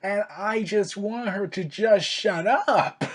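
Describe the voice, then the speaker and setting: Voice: medium pitch, slow. A vlogger giving casual, opinionated wrestling commentary, rambling and often correcting themselves. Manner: rambling, exasperated, self-correcting.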